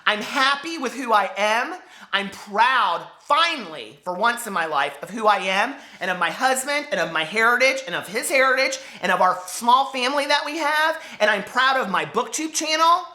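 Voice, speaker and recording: A man in his forties with a high, squeaky voice, speaking in an impassioned, hurt vlog rant and swearing as he talks to the camera. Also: animated, moderate pace, pushed and bright, roomy sound. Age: 40s. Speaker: book vlogger.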